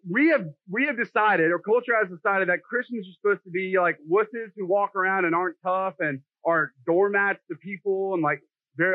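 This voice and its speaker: A middle-aged male pastor with a high voice preaches in a loose, joking, self-deprecating way, talking to the congregation as if chatting. The sound is dry and thin, like a phone line. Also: normal speed, no room sound. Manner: jokey, self-deprecating, conversational. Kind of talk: sermon.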